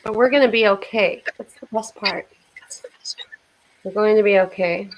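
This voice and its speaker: A woman's voice: medium pitch, moderate pace, highs cut off, slight background noise. A woman hosting a casual livestream chat, emotional and prayerful, blessing her viewers, with a cough. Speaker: livestream host.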